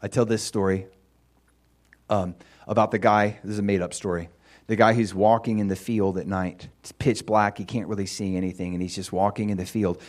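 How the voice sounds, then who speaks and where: A man's voice: lowish voice, flat delivery, a little fast, a little mellow. A male pastor preaching a sermon in a conversational, storytelling way.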